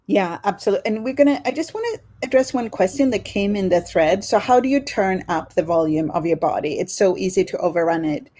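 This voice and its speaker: A woman's voice: mid-range voice, expressive, a little fast, few pauses, dark tone. A woman hosting a casual online conversation, thanking her guest and asking open questions. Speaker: host. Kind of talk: casual chat.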